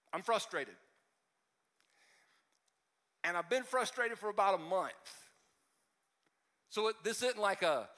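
A male pastor delivers a sermon in a bright, forceful voice that sits high for a man. He talks conversationally, restarting phrases and slipping in self-deprecating jokes. The sound rings with a long church-hall reverb. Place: church sanctuary.

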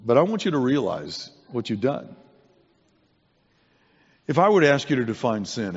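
A man's voice: mid-range voice, sing-song, normal speed, long pauses, slightly rough. Man preaching in an echoey hall. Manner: earnest, conversational preaching with many restarts. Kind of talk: sermon. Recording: dull sound in a long-echo hall.

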